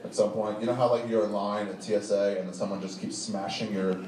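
A man's voice: on the low side, quick pace. Profane man telling a story live. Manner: profane, rambling, animated, laughing at own story. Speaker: stand-up storyteller. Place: live show venue with audience. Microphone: distant audience recording. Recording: echoey distant live room recording with noise.

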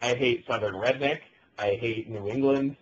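A man's voice: medium pitch, normal speed, slightly rough, muffled recording. A young man co-hosting a casual podcast chat from a bedroom, bantering and laughing often. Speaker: podcast co-host.

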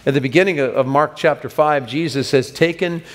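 A man's voice: a little high, a little fast, in a large hall. A man preaching a sermon as pastor, retelling scripture in a casual storytelling manner and voicing the people in it. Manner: storytelling preacher, acts out quoted voices. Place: church sanctuary.

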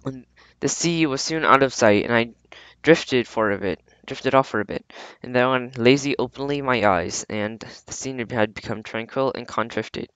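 A man reads a storybook aloud at an ordinary middle pitch, often stumbling, restarting and clearing his throat. The sound is close and dry, with a dull, muffled lo-fi tone. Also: fairly bright tone, no echo. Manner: halting reading with frequent throat clearing and restarts. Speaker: audiobook reader. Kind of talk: amateur audiobook narration.

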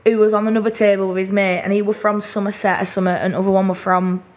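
A woman's voice: mid-range voice, flat delivery, quick pace. A young woman with a Lancashire accent, chatting casually as a podcast guest and using many fillers. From Burnley, England. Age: young adult. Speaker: guest singer-songwriter.

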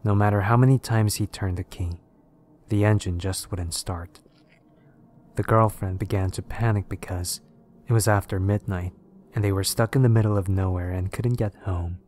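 A man narrating scary stories in a steady, measured way. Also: deep voice, slight background noise. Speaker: horror story narrator. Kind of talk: scripted narration of horror stories.

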